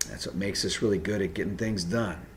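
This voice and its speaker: Low-voiced male host, unscripted and direct, earnest advice with halting restarts; slight background noise. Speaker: video host giving personality-type advice.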